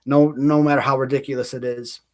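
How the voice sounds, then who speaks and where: Here the thirty-something livestream host speaks fairly quickly at a medium pitch, his delivery flat. He rambles through stories in a casual, self-deprecating way, laughing often and starting over many times.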